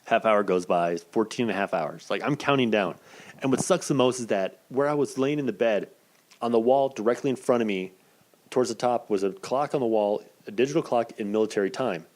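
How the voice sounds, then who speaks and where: Man, thirties, low-ish voice, podcast host, casual storytelling, profane, animated. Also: fairly quick.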